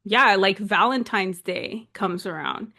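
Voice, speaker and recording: A woman's voice: mid-range voice, slow, creaky. Chatty young woman telling a story. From Southern California. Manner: animated, chatty, heavy use of "like" fillers. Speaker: podcast co-host. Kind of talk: casual storytelling chat.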